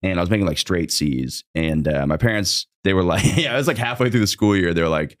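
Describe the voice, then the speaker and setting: A young man with a low, deep voice tells a rambling, comic story in a casual podcast chat. He swears freely and laughs mid-sentence. The sound is close and dry, with no room in it. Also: lively intonation, brisk, dry recording. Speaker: storyteller guest.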